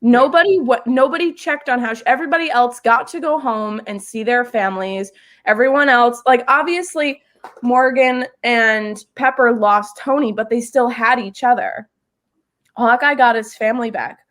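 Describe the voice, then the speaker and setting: A woman's voice: on the high side, normal speed, fairly bright tone. A woman hosting a casual fan discussion over a video call, earnestly explaining at length. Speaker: show host.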